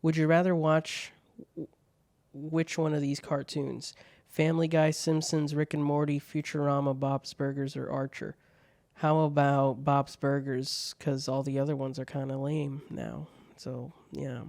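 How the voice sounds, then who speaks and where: A man's voice: fairly high pitch, little pitch movement, normal speed, creaky, a little mellow, no room sound. A man hosting his own show, reading out viewer questions and jokes in laid-back casual chat, swearing freely.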